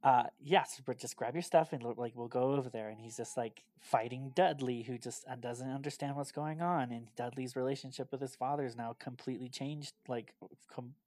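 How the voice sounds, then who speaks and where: A man co-hosting a casual podcast, retelling things in a rambling, animated way and filling his talk with "like". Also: mid-range voice, moderate pace, few pauses, no echo. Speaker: podcast co-host.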